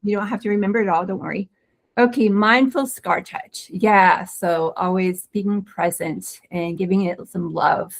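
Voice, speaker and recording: A woman who is a pelvic floor physical therapist, co-hosting a webinar and explaining recovery in a quick, excited, casual way with many restarts. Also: mid-range voice, creaky. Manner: fast, excited talker with frequent restarts.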